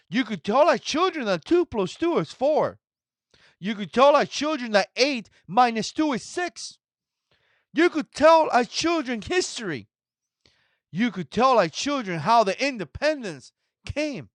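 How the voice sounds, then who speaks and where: Forty-something guy ranting on his channel, all over the place pitch-wise, dry sound. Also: a bit bright, no room sound. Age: 40s. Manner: indignant, repetitive. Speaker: commentary channel host. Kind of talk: reaction commentary.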